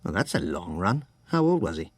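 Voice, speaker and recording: A man voicing a smooth, inquisitive English-born art dealer in his forties, with a light English accent, in an audiobook reading. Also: low-pitched, big pitch swings, moderate pace, no echo, clean studio sound, pitched below the performer's own voice, heavily acted. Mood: curious.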